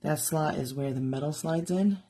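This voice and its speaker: A woman's voice: deep voice, normal speed, mellow, slight background noise. A woman doing a live craft demonstration from her studio, chatting and thinking aloud as she works. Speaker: jewelry artist demonstrating live. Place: home art studio.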